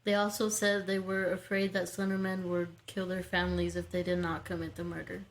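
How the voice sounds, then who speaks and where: A woman's voice: fairly low pitch, little pitch movement, brisk, a little hiss or hum, low-quality recording. Casual woman co-host reading a case. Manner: reads notes with joking asides. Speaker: podcast co-host. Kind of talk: casual chat, reading out a true-crime case.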